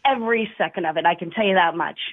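A woman calling into a radio show who tells joking stories in a lively way. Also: on the low side, fast. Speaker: caller. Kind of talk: call-in radio chat. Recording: tinny phone line.

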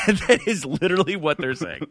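Bright, animated sardonic male host. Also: on the high side, dry recording, clean studio sound. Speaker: podcast host. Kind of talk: comedic podcast chat.

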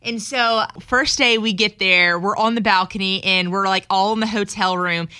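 Bright chatty woman. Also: fairly even intonation, normal speed, clean tone, no echo. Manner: chatty storyteller, acts out quotes in a high squeal. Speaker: co-host. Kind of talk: casual chat.

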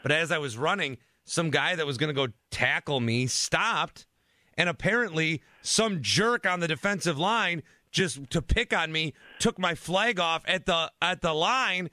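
A man's voice: a little high, unhurried, no room sound, clean studio sound. A man hosting a sports radio show, chatting casually with callers and ranting playfully. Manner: animated, playful rants.

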